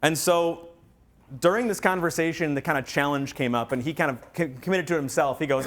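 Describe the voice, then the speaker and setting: Man, slightly high voice, energetic storyteller, real estate workshop talk. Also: fairly quick.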